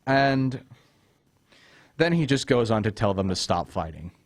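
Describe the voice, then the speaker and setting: Young man, host, casual movie chat, lowish voice, exasperated rants. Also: sing-song, brisk. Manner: opinionated, exasperated ranting, acts out film scenes.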